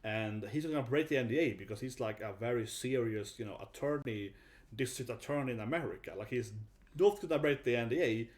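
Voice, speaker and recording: A man's voice: mid-range voice, brisk, darkish tone. A young man from Sweden talking casually to camera in a rambling monologue, with lots of fillers and tag questions like "right?". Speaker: vlogger.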